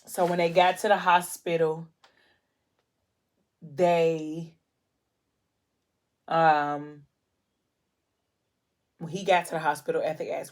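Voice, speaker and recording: A woman with a notably low voice recaps a novel for her viewers in a loose, chatty vlog. She tells it with feeling and plenty of "um" and "like" as she goes. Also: little pitch movement, takes it slowly, long pauses, darkish tone. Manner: chatty, emotional retelling with many fillers. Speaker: book vlogger. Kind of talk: casual book recap while eating.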